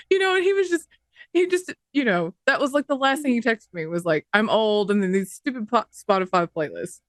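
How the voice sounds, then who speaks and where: A woman's voice: on the high side, lively intonation, normal speed, no echo, clean studio sound. A woman co-hosting a podcast, telling a rambling funny story and giggling as she quotes others. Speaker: podcast co-host.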